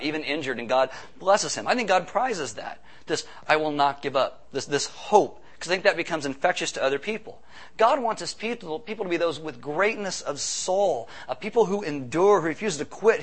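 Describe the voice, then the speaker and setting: A man preaching a sermon as pastor, conversational, with quick asides and rhetorical questions. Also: fairly high pitch, animated, fairly bright tone.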